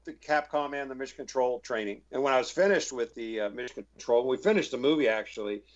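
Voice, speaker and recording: Man telling animated anecdotes in an interview. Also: mid-range voice, fast talker, highs cut off. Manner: animated anecdotes, acts out quoted voices. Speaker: actor guest. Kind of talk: casual interview storytelling.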